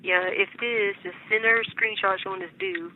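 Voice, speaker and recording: A sleepless, hyper middle-aged woman gossips on a jail phone, doing little voices for the people she quotes. The line is thin and phone-like with faint hiss. Her voice has a gravelly edge. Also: medium pitch, sing-song, fairly quick. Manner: chatty storyteller, acts out the people she quotes. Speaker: inmate on a jail phone call. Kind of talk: casual phone chat.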